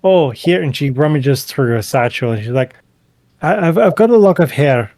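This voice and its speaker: A man voicing a gruff, impatient woman who swears bluntly, in a tabletop game. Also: fairly high pitch, animated, normal speed, a little mellow, no echo. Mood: flustered. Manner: brusque, cursing, flustered.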